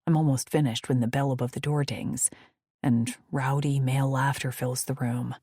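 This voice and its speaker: Low, husky woman narrating a romance. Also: fairly even intonation, normal speed, warm tone, dry recording, clean studio sound. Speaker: audiobook narrator. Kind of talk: first-person romance audiobook narration.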